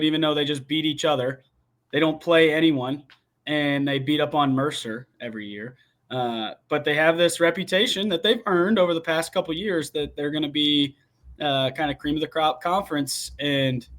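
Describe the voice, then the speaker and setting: Animated young man talking football. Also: on the high side. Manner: rambling, restarts often, animated opinions. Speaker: guest football commentator. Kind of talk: casual sports talk.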